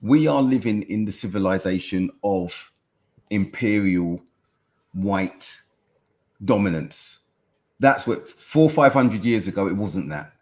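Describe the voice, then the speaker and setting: A middle-aged man with a fairly low voice, speaking thoughtfully on a podcast. He is measured and deliberate, leaning on key words one at a time. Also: animated, darkish tone. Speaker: podcast co-host. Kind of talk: reflective discussion. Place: podcast studio.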